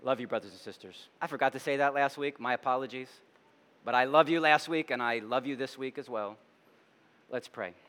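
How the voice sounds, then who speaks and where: Male pastor, middle-aged, bright forceful tone, long church reverb, emphatic then hushed, chatty asides. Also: mid-range voice, brisk. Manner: swings from loud emphatic declarations to soft hushed reflection; conversational asides and humor within the preaching. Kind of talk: sermon. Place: church sanctuary.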